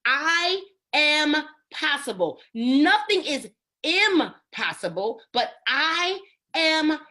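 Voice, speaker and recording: Woman, upbeat sales trainer on a video call, bright high voice, very animated, calls out names. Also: very slow. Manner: emphatic, keeps asking "right?" and calling on listeners by name.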